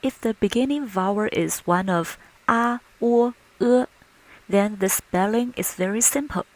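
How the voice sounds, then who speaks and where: A woman teaching a language lesson slowly and patiently, modelling sounds with clear, deliberate speech. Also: dry recording, low-quality recording. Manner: clear, deliberate, models each tone with exaggerated pitch. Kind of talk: slow, patient pronunciation lesson with drills.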